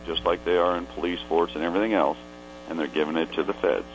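A man's voice: deep voice, steady tone, fast talker, a little hiss or hum, low-quality recording. A man co-hosting a religious call-in radio show, talking conversationally and slipping into preachy asides. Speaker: radio co-host.

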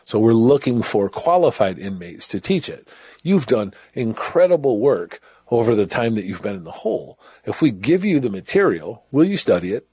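A man's voice: medium pitch, sing-song, normal speed, dark tone, slightly rough, dry recording. A middle-aged man who was once in prison, telling his story bluntly and candidly. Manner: candid, blunt, with laughs and restarts. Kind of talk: personal storytelling.

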